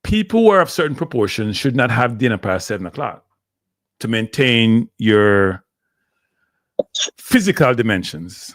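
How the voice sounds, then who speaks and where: A man with a Jamaican accent hosting a casual live stream, teasing and animated, often repeating himself. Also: mid-range voice, unhurried, pauses often, dry recording, clean studio sound. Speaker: show host.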